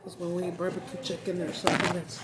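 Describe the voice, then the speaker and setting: A woman's voice: fairly low pitch, level tone, fast. A woman chatting casually while eating on camera, slipping into Spanish phrases as she talks. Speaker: mukbang vlogger. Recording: echoey room with background noise.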